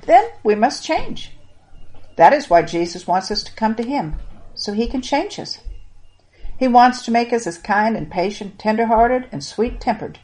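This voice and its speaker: Woman telling a children's Bible story. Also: mid-range voice. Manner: expressive, moralizing, addresses the listener directly.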